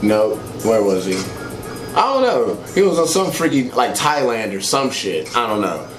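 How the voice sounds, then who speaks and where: Low-voiced man telling a crude stand-up story. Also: big pitch swings, moderate pace, reverberant, music in the background. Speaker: stand-up comedian.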